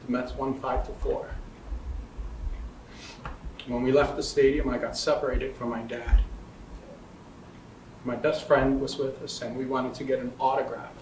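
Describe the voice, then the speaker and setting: A man telling a childhood memory in plain, steady storytelling. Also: medium pitch, measured pace, pauses often. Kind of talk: personal recollection. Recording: roomy, distant, faint noise.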